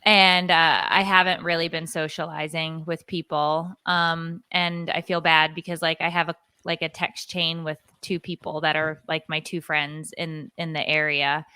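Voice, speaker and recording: A woman in her forties co-hosts a podcast in a rambling, confessional way, with plenty of fillers. Her voice is bright and smooth, a little lower than most. The close mic sounds dry and dead. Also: flat delivery, measured pace, few pauses, dry recording. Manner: rambling storyteller, lots of fillers. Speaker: podcast co-host. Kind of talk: casual confessional chat.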